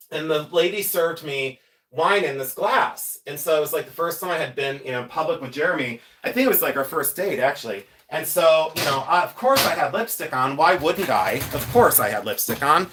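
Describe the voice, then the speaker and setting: A man's voice: fairly high pitch, lively intonation, brisk, a bit bright. Chatty joking man in his fifties. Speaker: host. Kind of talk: casual live-stream chat.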